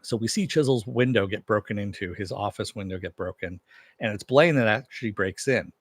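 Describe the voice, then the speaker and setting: A man with a somewhat low voice talks through a TV episode in a loose, chatty recap. He leans on filler phrases and drops the odd curse word. His voice is recorded dry and close. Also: brisk, slightly rough, no room sound. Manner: loose and conversational, with frequent "you know" and casual swearing. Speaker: TV episode reviewer. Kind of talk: casual spoken recap and review.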